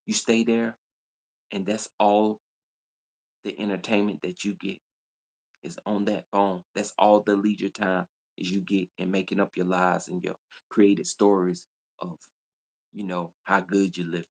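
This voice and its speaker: Gravelly deep-voiced man ranting at viewers. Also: level tone, a little slow. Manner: scolding, repetitive, confrontational. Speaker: livestream host. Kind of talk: ranting livestream monologue.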